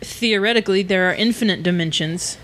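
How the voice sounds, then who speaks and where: A woman's voice: medium pitch, a little fast, fairly bright tone. Cheerful female podcast co-host. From Oklahoma. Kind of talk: casual podcast chat, reading listener emails.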